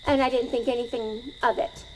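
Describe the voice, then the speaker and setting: A woman's voice: fairly high pitch, steady tone, a little fast, a little hiss or hum, rough recording. A middle-aged woman telling a story live to an audience, conversational and asking them questions.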